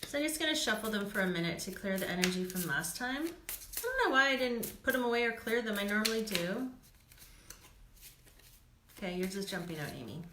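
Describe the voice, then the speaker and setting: A woman's voice: medium pitch, expressive, fairly quick, pauses often, noisy background. A woman doing live card readings for viewers, chatty and reassuring, laughing often and filling gaps with "um". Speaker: psychic reader. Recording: echoey room.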